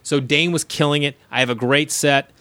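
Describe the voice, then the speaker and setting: A man's voice: a little high, moderate pace, dry recording. A man, a comedian telling stories from his early years in a casual chat, acting out the people he quotes and swearing freely. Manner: animated storyteller, acts out quoted voices, swears freely. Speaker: comedian guest.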